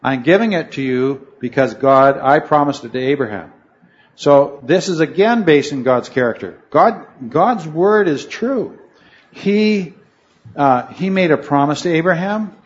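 A man's voice: fairly high pitch, expressive, measured pace, highs cut off. A man teaching a Bible study class, talking in a rambling way, correcting himself mid-sentence and putting questions to his students. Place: room with a noisy fan.

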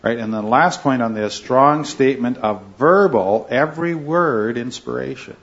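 A man teaching an informal Bible class in an indoor classroom, rambling and halting with many fillers and restarts. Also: medium pitch. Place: indoor classroom with a wall clock. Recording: slightly muffled recording.

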